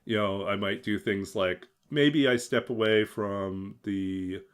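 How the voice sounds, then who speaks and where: A man's voice: on the low side, slow, clear, resonant tone. A young man streaming a game and chatting casually about coding, rambling and hesitant with many fillers and restarts. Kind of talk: casual chat while gaming.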